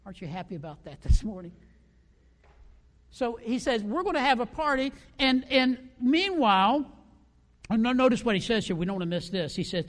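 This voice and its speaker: A male pastor preaching a sermon in a church, animated and acting out the characters in the story. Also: extremely high pitch, normal speed, in a large hall. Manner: animated, acts out quoted characters.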